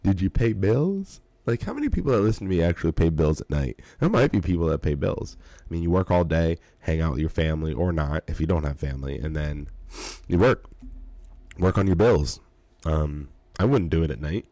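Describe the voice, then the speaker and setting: A man's voice: sits low, animated, a little fast, mellow, no echo. A young adult man hosting his podcast, tired and yawning, rambling casually with fillers and swearing. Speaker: podcast host. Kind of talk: casual early-morning monologue.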